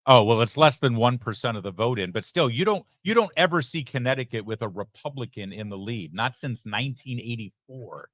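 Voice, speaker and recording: A man's voice: mid-range voice, a little fast, hardly any pauses, no room sound. Chatty male host reading super chats. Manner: chatty, joking asides, lively ups and downs. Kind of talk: live election night stream, reading super chats. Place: election watch party venue.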